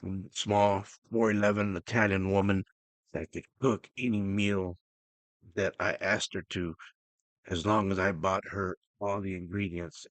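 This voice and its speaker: Middle-aged male podcaster, heartfelt solo talk, slightly low voice, dry room. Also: flat delivery, no room sound. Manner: earnest, emotional, halting restarts. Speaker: podcast host. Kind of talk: personal podcast monologue.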